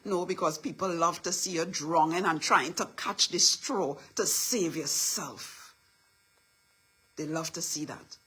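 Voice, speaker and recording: Woman, middle-aged, husky and bright voice, preachy repeated affirmations. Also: lowish voice, measured pace. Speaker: motivational speaker. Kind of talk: motivational livestream talk.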